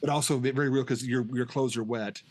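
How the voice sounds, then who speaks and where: A man's voice: mid-range voice, fairly even intonation, quick pace, a little mellow. A middle-aged man co-hosting a podcast, chatting casually about a film, rambling with many restarts and acting out scenes. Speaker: podcast co-host. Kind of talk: casual film review chat.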